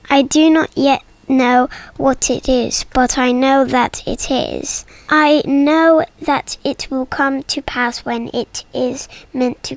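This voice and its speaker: A woman's voice: high-pitched, gravelly, heavily acted, low-quality recording. A woman voicing a small, hopeful young male donkey who talks earnestly and repeats himself with wonder.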